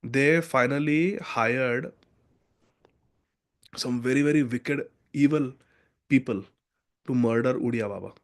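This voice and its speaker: A man's voice: mid-range voice, slow, pauses often. A man teaching a devotional scripture class, telling stories and acting out the quoted lines.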